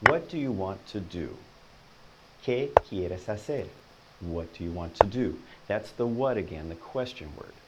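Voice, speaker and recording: A man teaching a Spanish lesson, patiently explaining and repeating each example sentence slowly and encouragingly. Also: low voice, expressive, heavy background noise.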